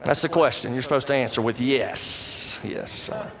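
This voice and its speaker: A man preaching a sermon as pastor, emphatic and rising to shouts on key words, and calling out to the congregation for responses. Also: medium pitch, normal speed. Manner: talks to the congregation directly, asks for responses. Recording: long reverb of a large hall.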